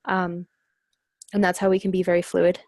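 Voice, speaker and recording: A woman's voice: lowish voice, completely flat delivery, moderate pace, darkish tone, dry recording, clean studio sound. A woman energy healer and coach on a live stream, talking in a spontaneous, upbeat, chatty way. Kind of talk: casual live stream chat.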